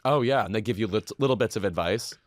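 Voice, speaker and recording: A man's voice: fairly low pitch, dry recording. Campy witty man on a dry studio mic. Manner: campy, quick-witted banter. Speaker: podcast co-host. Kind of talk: casual chat and ad reads.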